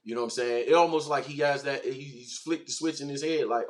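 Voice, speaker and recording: Male stream host, animated and slangy, average pitch, riffing with chat. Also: a little fast, hardly any pauses. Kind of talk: casual livestream talk, reading chat comments.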